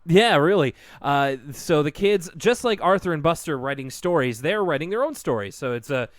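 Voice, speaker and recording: A man's voice: fairly high pitch, lively intonation, moderate pace, dry recording, studio quality. A man co-hosting a podcast, talking casually about a cartoon episode and laughing often. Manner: chatty, laughs often, jokey. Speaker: podcast co-host. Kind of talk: casual chat.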